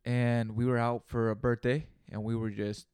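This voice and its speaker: A man's voice: mid-range voice, level tone, moderate pace, darkish tone, smooth, no room sound, studio quality. A young man hosting a casual solo podcast, rambling and joking with lots of profanity and playful repeated asides. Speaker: podcast host.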